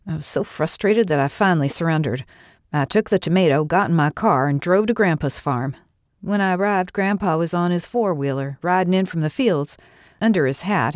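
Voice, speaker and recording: Low-voiced woman reading a personal story. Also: a little mellow, no echo, clean studio sound. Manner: earnest, reflective storytelling. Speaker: narrator.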